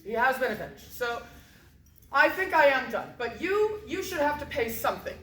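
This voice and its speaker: A woman's voice: sits high, big pitch swings, moderate pace, sharp tone, soft background music, exaggerated voice. A woman voicing a vengeful widowed queen who speaks with false, coy politeness. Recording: roomy echo.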